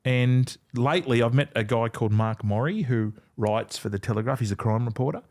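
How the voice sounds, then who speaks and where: A middle-aged Australian man tells stories in a relaxed, rambling chat. His voice sits at an ordinary pitch, and he curses freely as he slips in and out of other people's lines. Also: brisk. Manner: yarn-spinning, swears freely, acts out other people's lines. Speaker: podcast guest, former rugby league player. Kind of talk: casual storytelling chat.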